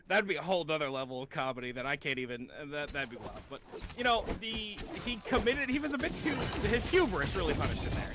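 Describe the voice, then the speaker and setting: Male color caster, high and animated voice, analytical with bursts of hype. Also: slight background noise. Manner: analytical, rises to excited shouts on plays. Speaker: color commentator. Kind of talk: esports commentary.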